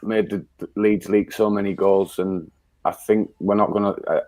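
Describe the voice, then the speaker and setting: Low-voiced blunt man. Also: steady tone, moderate pace, darkish tone, dry recording. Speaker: guest. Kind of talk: casual fan show chat.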